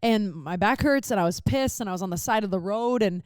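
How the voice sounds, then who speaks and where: A young woman co-hosting a casual podcast, her voice mid-pitched and lively. She tells a story with swearing and plays out her own reactions. The sound is dry and close to the mic. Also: a little fast, no echo. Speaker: podcast co-host.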